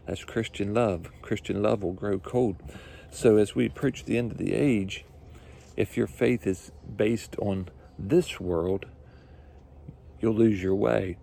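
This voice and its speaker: A man's voice: lowish voice, steady tone, takes it slowly, creaky, mellow. A male pastor preaching a sermon, earnest and repetitive, building his points with rising emphasis.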